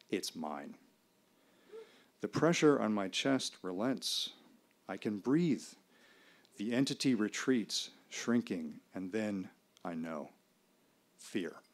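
A man performing a first-person story live on stage, in a measured, dramatic delivery with pauses. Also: deep voice, lively intonation. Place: small live venue.

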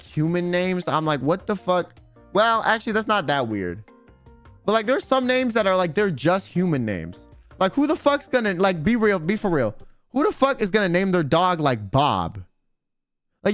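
A young man chats on a livestream in a high voice that leaps up and down with animation. He rambles through slangy, offhand stories. Faint music plays softly behind him. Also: clear, resonant tone. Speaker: streamer. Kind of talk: casual livestream chat.

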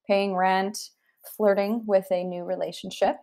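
A young adult woman who works as a therapist speaks earnestly and reflectively in an interview, with heartfelt sincerity. Her voice is medium-pitched and dark-toned, with little pitch movement and a measured pace.

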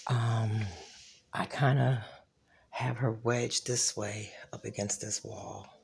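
An adult vlogger casually recounting a personal altercation while walking through a home, often dropping into a hushed whisper and acting out the quoted lines. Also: mid-range voice, steady tone, slow pace. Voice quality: raspy, gravelly. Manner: reenacts quoted dialogue. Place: inside a home.

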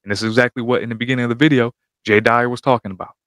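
A man hosting a reaction video, giving casual, animated commentary full of slang and trash talk. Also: medium pitch, racing, dry recording.

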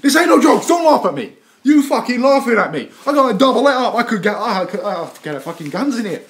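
A man playing a brash, boastful young London wannabe rapper in an improvised comedy rant, swaggering and crude, with a put-on London accent and sudden shouts. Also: high voice, expressive, quick pace. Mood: aggressive.

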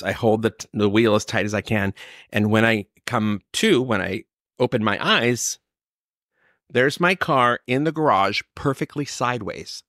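A man from California, older, telling his recovery story in a lively, storytelling way, acting out what others said. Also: lowish voice, no echo, studio quality. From Sacramento, California. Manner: storytelling, animated, quoting others. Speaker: recovery speaker.

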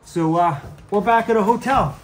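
A man's voice: high voice, normal speed, slight background noise. A man chatting casually to the camera in a travel vlog, laughing often and talking fondly to his dog. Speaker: van life vlogger.

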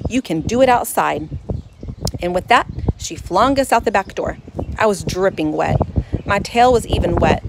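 A woman narrating a children's storybook in first person, expressive and lively. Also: medium pitch.

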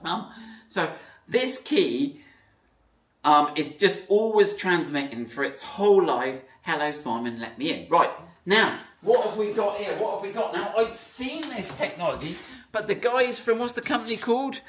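A man's voice: high voice, lively intonation, a little slow, fairly bright tone. A man running a car business, explaining in a chatty, rambling, playful way. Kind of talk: casual explainer video.

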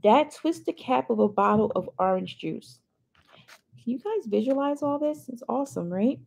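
A woman's voice: fairly high pitch, lively intonation, normal speed, vocal fry, darkish tone, slightly rough. A woman reading a novel chapter aloud in first person, adding chatty asides to her listeners. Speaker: reader.

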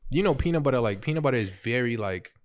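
Talking fast in a medium-pitched voice, a young man shares a comical personal story on his podcast. He laughs throughout, stays lively and casual, and quotes himself along the way.

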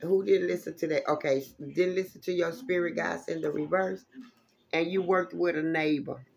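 A woman giving a casual tarot reading, animated and exclamatory, with plenty of salty, profane asides. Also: lowish voice, moderate pace, vocal fry, a little hiss or hum. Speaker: tarot reader.

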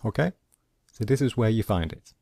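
A man teaching a pronunciation lesson over a screen recording, explaining slowly and step by step. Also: lowish voice, expressive, vocal fry, mellow, slightly rough, dry recording, studio quality. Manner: slow, deliberate, explaining step by step. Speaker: language teacher.

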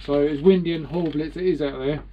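A man's voice: a little high, steady tone, fast, muffled recording, slight background noise. A man with a British accent vlogging from his boat about repairs, rambling and self-mocking as he chats to his viewers. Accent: British English. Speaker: sailing vlogger. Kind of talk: casual vlog to camera.

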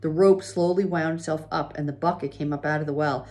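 A woman reading a children's chapter book aloud, gently pausing to show pictures. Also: low-pitched, fairly even intonation. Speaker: reader.

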